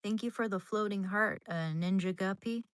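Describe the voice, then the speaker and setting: A woman's voice: mid-range voice, normal speed, no echo. A woman live-streaming from her kitchen at home. She chats casually and rambles with her viewers, often trailing off and restarting, and coos to her dog in baby talk. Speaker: livestreamer chatting with viewers.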